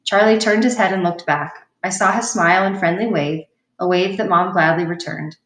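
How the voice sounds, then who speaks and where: A woman's voice: lowish voice, fairly even intonation, moderate pace, fairly bright tone. A woman reading a children's novel aloud in a plain, unpolished way, with a slip now and then. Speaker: audiobook reader. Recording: roomy sound from a distant mic.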